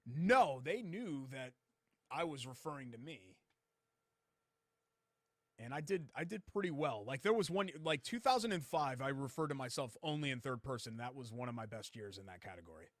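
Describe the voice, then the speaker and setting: A man's voice: medium pitch, animated, normal speed, a bit bright, dry recording. A middle-aged man co-hosting a sports talk show, bragging in a playful, self-mocking way during casual banter in a studio. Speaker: co-host.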